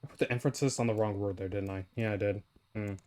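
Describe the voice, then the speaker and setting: A man's voice: fairly low pitch, steady tone, fast talker, darkish tone. A man livestreaming a game, chatting casually and rambling to his viewers while he plays. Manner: rambling, talks to chat while playing. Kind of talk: casual live gameplay chat.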